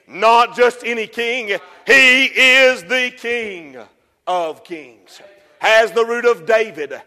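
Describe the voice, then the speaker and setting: A man preaching a sermon with passion, rising to shouts for emphasis. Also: very high-pitched, in a large hall.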